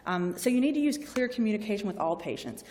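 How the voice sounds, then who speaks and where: A woman's voice: mid-range voice, expressive, fast, a little mellow, long reverb tail. A woman with a Southern US accent giving an informal, chatty lecture to students and often acting out short bits of dialogue. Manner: chatty, frequently acts out patient and doctor voices. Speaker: university library staff presenter.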